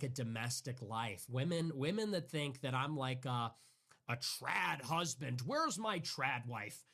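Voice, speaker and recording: High bright-voiced man ranting. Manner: exasperated, sarcastic ranting. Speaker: political streamer. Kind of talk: livestream monologue. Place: clip played on another stream.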